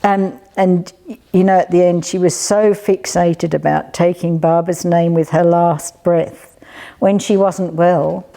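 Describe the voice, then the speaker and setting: An older woman reminisces in an easy, rambling way, with plenty of fillers as she talks. Her voice sits low and carries a gravelly fry. The tone is mellow and dark rather than bright. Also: fairly even intonation, unhurried. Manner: rambling, chatty, with frequent fillers. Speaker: storyteller. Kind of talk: casual spoken reminiscence.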